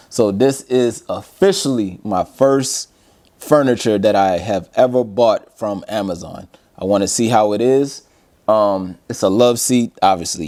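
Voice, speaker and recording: A man's voice: on the low side, a little mellow. Chatty man hosting a home review vlog. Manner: chatty, addresses viewers directly, frequent "you guys" and "bro". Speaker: product review host. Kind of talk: casual unboxing vlog. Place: at home, unboxing furniture.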